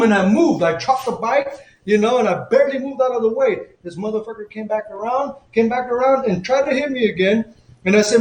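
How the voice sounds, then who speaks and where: A man's voice: extremely high pitch, roomy sound, poor audio. A man casually chatting on a live stream, telling loose, profane stories with lots of laughs and fillers. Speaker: boxing coach live-streaming a fight commentary.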